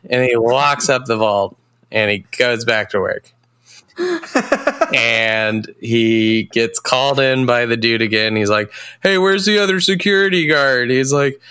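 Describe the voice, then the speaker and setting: A man's voice: medium pitch, unhurried, bright, forceful tone, clean tone, dry recording. A man in casual chat, recapping a movie plot in a rambling way, laughing and acting out lines in voices. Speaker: podcast co-host.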